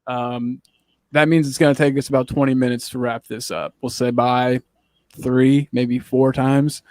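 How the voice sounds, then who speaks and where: A man's voice: medium pitch, flat delivery, unhurried, a little mellow, no room sound, studio quality. A young man hosting a casual chat, joking and teasing in a playful, self-mocking way. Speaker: podcast host.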